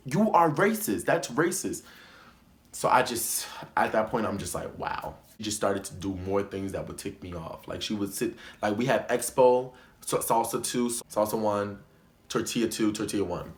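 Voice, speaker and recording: A man's voice: on the low side, animated, moderate pace, reverberant. A young man telling a story time vlog in an emphatic, indignant way, often repeating himself. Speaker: vlogger.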